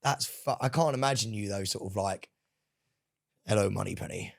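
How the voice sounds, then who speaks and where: A British man co-hosting a podcast in casual chat, excitable and swearing freely, with loud outbursts. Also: fairly low pitch, brisk. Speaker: podcast co-host.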